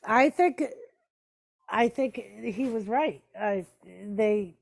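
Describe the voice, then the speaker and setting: A woman hosts a laid-back live-stream watch party, calling the action, replying to chat and talking to her pets. Her voice sits a little high and sounds slightly mellow, animated yet unhurried.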